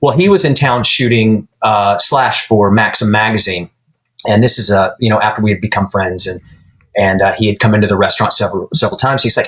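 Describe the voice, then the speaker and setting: Low-voiced man telling a long story. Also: a little fast, low-quality recording. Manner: relaxed storyteller who acts out quoted dialogue. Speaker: guitar builder guest. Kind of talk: casual storytelling interview.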